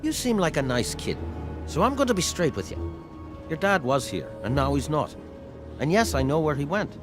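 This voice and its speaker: An actor with an Irish accent playing a sly, scheming male saloon owner in a video game, talking in a smooth, sardonic, wheedling way. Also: fairly high pitch, sing-song, normal speed. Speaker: game character. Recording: game audio with music underneath.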